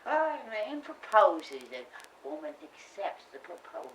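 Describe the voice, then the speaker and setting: A woman's voice: lowish voice, big pitch swings, measured pace, a little hiss or hum. An actress playing a faded Southern belle mother who gushes and rambles with little laughs, in a Southern accent. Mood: gushing. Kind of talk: stage play scene. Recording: roomy stage sound from far off.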